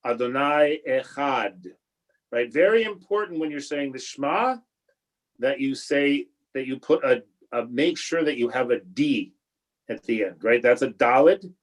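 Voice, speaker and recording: A man leads an online Hebrew prayer class as its rabbi, heard through a video call. His voice sits at an ordinary middle pitch. He talks in a halting, patient way, stopping and restarting often as he encourages his students. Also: rough recording. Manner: halting, with many restarts and fillers. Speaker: rabbi teaching a bar and bat mitzvah class.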